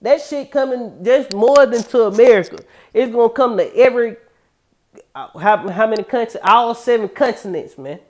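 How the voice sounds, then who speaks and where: A man's voice: very high voice, a little mellow. Man casually reading scripture with profane commentary. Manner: reads verses slowly then riffs loosely; profane, streetwise slang. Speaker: scripture teacher.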